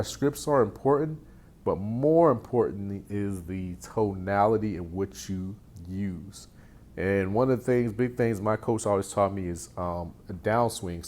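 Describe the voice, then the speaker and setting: A man with a somewhat low voice coaches real estate agents in an easygoing, unscripted way. He circles back on his phrases and restarts often. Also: a little mellow. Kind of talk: casual teaching talk.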